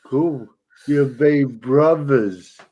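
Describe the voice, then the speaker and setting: A man hosting a casual chat, talking slowly and deliberately, often in short replies. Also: medium pitch, breathy edge, highs cut off. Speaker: host.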